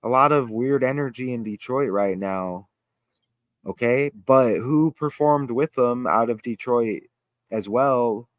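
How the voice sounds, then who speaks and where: A man hosting a casual livestream chat, excitable and rambling, thinking aloud as he reads. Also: mid-range voice, measured pace, no room sound. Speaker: host.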